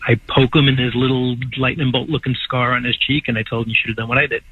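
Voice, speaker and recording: A man's voice: mid-range voice, fairly even intonation, fast, slightly rough. Man in his sixties, chatty caller on a thin phone line, stumbles over his words and sounds eager. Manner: rambling, enthusiastic, repeats words. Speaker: patient guest. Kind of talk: casual phone-in chat. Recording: tinny phone line on radio.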